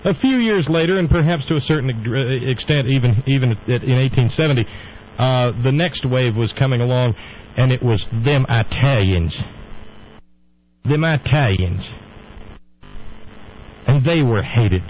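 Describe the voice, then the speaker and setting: A man's voice: medium pitch, moderate pace, long pauses, lo-fi sound, slight background noise. A man hosting a radio show, talking in a rambling, opinionated monologue. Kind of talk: casual on-air monologue.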